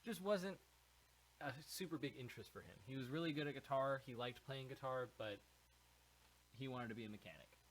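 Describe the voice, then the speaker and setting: A young male musician, a guest on a podcast, talks in a laid-back, easygoing way. His voice sits at a middle pitch. A faint background hiss runs under the recording. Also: fairly quick, rough recording. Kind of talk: casual chat.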